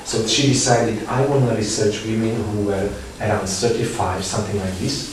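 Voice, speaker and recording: A lowish-voiced man who is not a native English speaker, feeling his way through each sentence with frequent fillers and restarts. He is caught from far off in a very echoey theatre, with steady noise hanging underneath. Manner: halting, many fillers and restarts. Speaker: panel speaker presenting research. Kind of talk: discussion talk. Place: theatre space. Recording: echoey room, distant mic, background noise.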